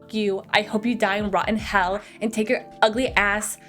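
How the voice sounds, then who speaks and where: A woman's voice: mid-range voice, little pitch movement, moderate pace, a bit bright, soft background music, lightly acted. A woman quoting a tough, proud young woman in a casual recap, near her own voice. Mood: brash.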